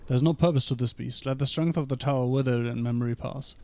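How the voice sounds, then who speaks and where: A man streaming a video game, reading in-game lore texts aloud in an even manner and dropping dry short asides between passages. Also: medium pitch, fast talker.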